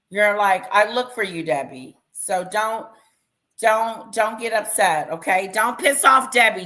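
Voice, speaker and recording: A woman hosting a casual live stream, talking loudly and chatting with her viewers by name. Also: mid-range voice, low-quality recording. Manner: loud, talks to chat viewers by name.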